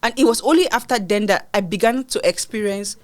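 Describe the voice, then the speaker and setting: A woman's voice: medium pitch, a little fast. Earnest woman from Cameroon telling her story. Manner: earnest, expressive retelling of hardships. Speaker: podcast guest. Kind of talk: personal storytelling in conversation.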